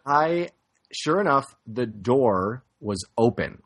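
A man's voice: mid-range voice, animated, slow pace, a bit bright, slight background noise. A man telling a long, rambling story on a podcast, casual and self-mocking, laughing at himself often. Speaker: podcast co-host.

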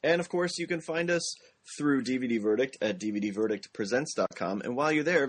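Husky-voiced man hosting a podcast. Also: mid-range voice. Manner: upbeat and jokey, rattling off plugs. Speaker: podcast host. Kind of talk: casual podcast chat.

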